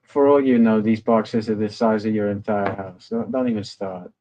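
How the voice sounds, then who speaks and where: A man's voice: fairly low pitch, fairly even intonation, moderate pace, warm tone, muffled recording, a little hiss or hum. A young man with a rambling, self-mocking manner, hosting a casual livestream chat. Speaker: livestream host.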